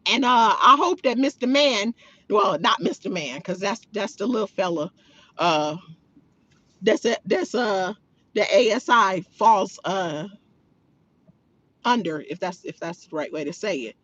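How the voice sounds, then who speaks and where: A woman's voice: medium pitch, animated, a little slow, fairly bright tone, slightly rough, no room sound, dull audio. A woman hosting a livestream in a sassy, mocking way, talking to her chat. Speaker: livestream host. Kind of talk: livestream chat reacting to viewers.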